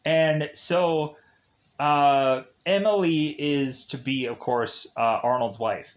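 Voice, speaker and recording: A man's voice: on the high side, slow. A man casually recapping a film as a reviewer, rambling with lots of fillers and restarts and laughing at his own tangents. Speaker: movie reviewer.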